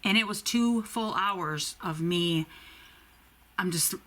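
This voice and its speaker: Chatty woman in her forties, bright voice. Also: lowish voice, slow. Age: 40s. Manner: rambling, chatty, swears freely. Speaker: beauty vlogger. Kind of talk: casual storytelling while doing makeup.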